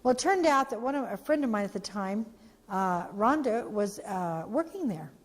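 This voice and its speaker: A woman, an organization's founder, giving an animated storytelling talk for a training video, acting out the voices she quotes. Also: medium pitch, moderate pace, big-room sound.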